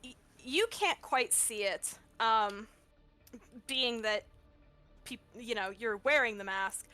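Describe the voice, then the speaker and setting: A woman narrates as game master in a tabletop game. She is slow and unhurried, and her tone is bright with a slightly high pitch. She fills her descriptions with small pauses and ums.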